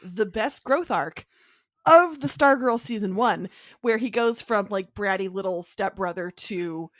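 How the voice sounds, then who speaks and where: A woman's voice: medium pitch, measured pace, a bit bright, no echo. A woman co-hosting a casual podcast, wry and joking in her remarks. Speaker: podcast co-host.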